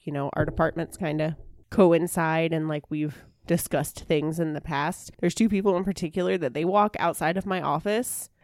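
A woman's voice: sits low, normal speed, no room sound. A woman co-hosting a podcast, talking candidly in casual chat and acting out her own anxious thoughts. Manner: candid, animated storytelling with acted-out inner voices. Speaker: podcast co-host.

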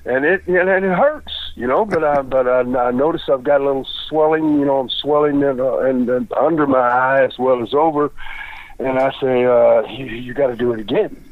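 A man's voice: mid-range voice, normal speed, dry recording. An older man, a retired wrestler telling a long story in a rambling, folksy way with lots of repeated words. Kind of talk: casual storytelling. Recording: dry phone-like line.

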